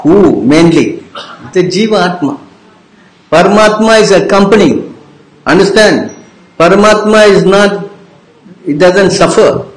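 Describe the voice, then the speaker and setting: A man's voice: sits high, measured pace, long pauses, reverberant, rough recording. A man teaching a devotional class, informal and teasing, who keeps checking with his listeners by asking "yes?" and "understand?" after each point. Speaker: religious teacher.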